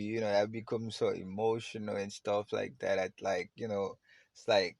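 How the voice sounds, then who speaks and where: A man with a low, gravelly voice muses aloud as a podcast host. He rambles loosely and keeps circling back with fillers. The sound is close and dry, with no room around it. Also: little pitch movement, normal speed, darkish tone, no echo. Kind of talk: casual reflective monologue.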